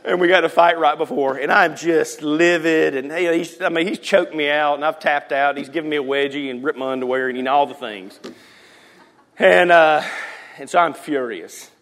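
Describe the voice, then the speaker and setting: Pastor preaching in a reverberant church. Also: male voice, a little high, normal speed, fairly bright tone. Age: 40s. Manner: storytelling with laughter, acting out voices. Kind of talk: sermon. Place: church sanctuary.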